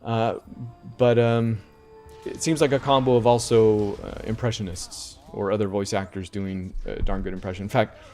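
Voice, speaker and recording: A man's voice: fairly low pitch, fairly even intonation, normal speed, darkish tone, faint music behind. A man hosting a casual video game podcast, rambling and often correcting himself as he talks. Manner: rambling, self-correcting, conversational. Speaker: podcast host reviewing video games. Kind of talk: casual chat.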